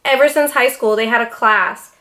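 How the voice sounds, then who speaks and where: A young woman talking straight to her camera in a casual sit-down vlog, animated, dramatic and full of swearing. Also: on the high side, normal speed. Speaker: YouTuber. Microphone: camera mic, seated in front of camera.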